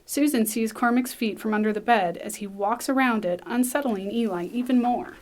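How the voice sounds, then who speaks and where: A woman reading a screenplay aloud, brisk, with small slips and restarts. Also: a little high, darkish tone. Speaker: script reader.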